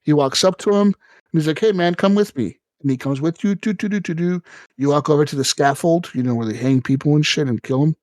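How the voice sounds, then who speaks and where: A man co-hosting a casual gaming podcast, telling stories in an animated, profane way with sudden jumps up in pitch. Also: quick pace, no echo. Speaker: podcast co-host.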